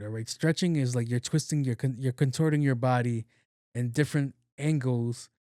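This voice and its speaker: A male podcast host telling a rambling comic story, swearing freely and slipping into quoted voices. He speaks at a mid pitch, and his podcast mic sounds dry and close. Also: no echo. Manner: profane, loose and animated, acting out quotes. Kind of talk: comedic storytelling monologue.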